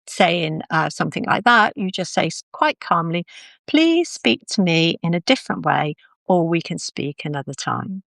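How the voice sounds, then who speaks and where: A woman giving a calm, practical talk on a live video, explaining things step by step. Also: lowish voice, gravelly, no room sound. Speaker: confidence speaker.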